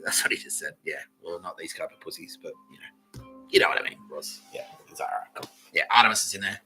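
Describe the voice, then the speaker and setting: Forceful low-voiced man. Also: fast, faint music behind, low-quality recording. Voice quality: profane, laughing often mid-sentence. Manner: excitable, loud and rambling. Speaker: podcast host. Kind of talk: rambling comedic monologue.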